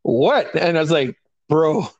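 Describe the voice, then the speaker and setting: A man's voice: sits high, animated, normal speed, dry recording, highs cut off. A man casually telling stories, swearing a lot and laughing through them. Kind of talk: casual storytelling chat.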